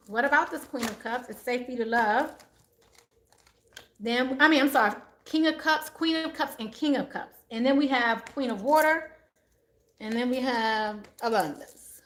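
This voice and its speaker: A middle-aged woman giving live tarot advice, animated and exclaiming, often repeating her phrases. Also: sits high, a little hiss or hum. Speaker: tarot reader.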